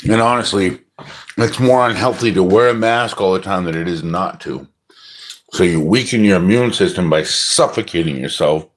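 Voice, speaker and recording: A man's voice: low-pitched, moderate pace, a little hiss or hum. A middle-aged man ranting profanely on a livestream, agitated and scoffing. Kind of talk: ranting monologue.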